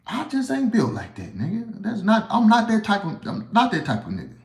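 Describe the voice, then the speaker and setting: A man's voice: high-pitched, wildly swooping pitch, a little fast, vocal fry, roomy sound. A man with a Southern US accent answering viewer questions in a casual livestream, blunt and profane, rambling with frequent restarts.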